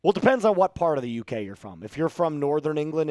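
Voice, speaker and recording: A man's voice: fairly high pitch, big pitch swings, quick pace, hardly any pauses, darkish tone, dry recording, studio quality. A man hosting a casual live stream, joking around and reading out viewer messages. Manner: joking, reads out viewer chat. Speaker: livestream host.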